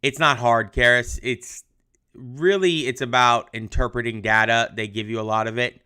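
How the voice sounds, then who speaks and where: A man's voice: medium pitch, steady tone, normal speed, sharp tone, smooth. A young adult male history teacher giving a casual livestreamed lesson, chatty with lots of ums, answering viewer comments. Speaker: high school history teacher.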